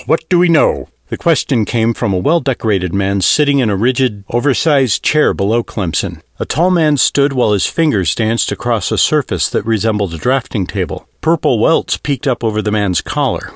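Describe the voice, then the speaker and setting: A male audiobook narrator with a lively, roaming pitch, telling the story expressively and with steady care. The sound is dry and close, with no room around it. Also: no room sound.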